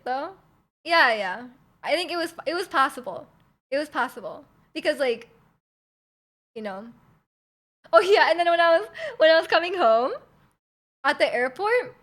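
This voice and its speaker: Young woman streamer from Canada, high voice, casual rambling chat full of fillers and giggles. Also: fairly bright tone. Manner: rambling, many likes and ums, giggly.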